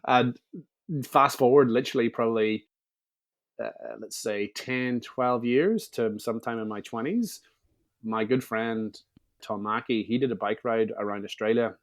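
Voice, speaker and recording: A man's voice: mid-range voice, unhurried. A man, telling stories as a guest in a casual interview, chatty and full of restarts. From Northern Ireland. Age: 30s.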